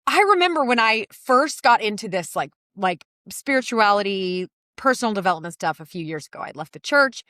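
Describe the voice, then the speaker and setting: A woman's voice: mid-range voice, expressive, a little fast, hardly any pauses, sharp tone, no echo, studio quality. A middle-aged woman hosting a podcast, talking candidly in a casual confessional monologue, swearing and laughing often. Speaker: podcast host.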